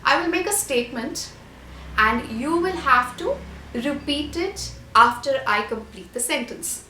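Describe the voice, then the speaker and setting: A woman's voice: high voice, expressive, a little slow, pushed and bright, slight background noise. Woman teaching in an echoey room. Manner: instructive, lists tips and repeats key points. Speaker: IELTS tutor. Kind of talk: scripted online lesson.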